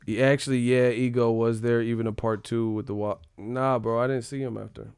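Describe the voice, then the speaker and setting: Dude on a livestream, laughs a lot, curses, medium voice, dry sound. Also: male voice, medium pitch, a little fast, smooth, dry recording. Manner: animated, laughs often, slangy and profane. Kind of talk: casual livestream chat.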